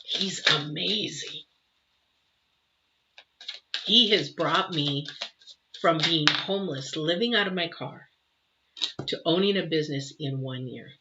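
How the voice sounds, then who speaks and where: A middle-aged woman giving a live intuitive tarot reading, emotional and exclamatory, moving between loud bursts and soft murmurs. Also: low voice, slow, long pauses. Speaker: tarot reader. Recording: slightly dull, faint noise.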